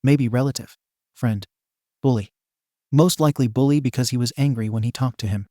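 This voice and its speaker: Mellow-voiced man reading a story. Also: mid-range voice, brisk, no room sound, clean studio sound. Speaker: narrator. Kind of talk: reading fan fiction aloud.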